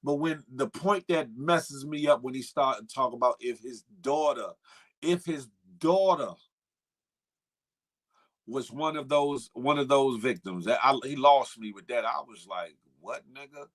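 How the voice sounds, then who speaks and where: A man hosting a casual morning show, emphatic and animated, calling out viewers by name. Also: mid-range voice, unhurried. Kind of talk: casual livestream commentary.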